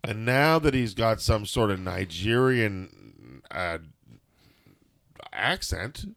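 Rambling jokey man, lowish voice. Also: expressive, slow pace, vocal fry, fairly bright tone. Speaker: podcast co-host. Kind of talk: casual wrestling recap chat.

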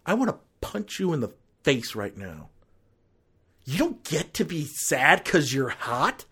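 A movie reviewer tears into a film in an exasperated rant, voice leaping up and down in pitch. The talk is loose and full of fillers and restarts, building into angry outbursts. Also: very animated, a little slow, fairly bright tone, slightly rough. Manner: ranting, exasperated, escalating into outbursts. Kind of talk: ranked-list movie review commentary.

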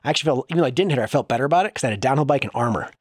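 A middle-aged man tells his own story as a guest on a casual podcast, and he laughs often as he talks. He speaks at a rapid clip. The sound is dry, close and free of room echo. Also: medium pitch, animated, breathy edge.

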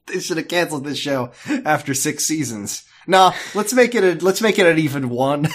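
A man's voice: a little high, expressive, normal speed. A man co-hosting a podcast, joking and laughing often as he recaps a TV episode, with some swearing. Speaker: podcast co-host. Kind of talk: casual chat recapping a TV episode.

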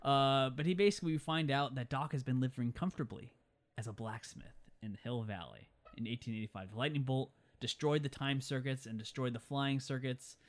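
Fast-talking young man recapping a movie. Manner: rapid and animated, jumps into high-pitched impressions. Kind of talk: casual chat recapping a film.

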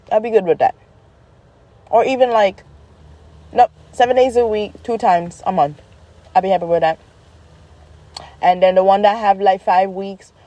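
A mother rants in a casual, animated way, her voice mellow and warm in mid pitch. The sound is dry and close to the mic, and she tells the story with exasperated humor. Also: no room sound. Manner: animated, exasperated, acts out quotes. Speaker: mother, vlogger.

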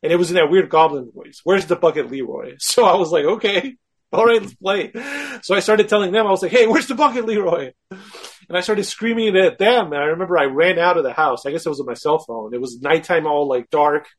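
A man, a guest, telling a personal story in casual talk, animated and self-mocking, acting out his own quoted thoughts. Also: on the high side, quick pace.

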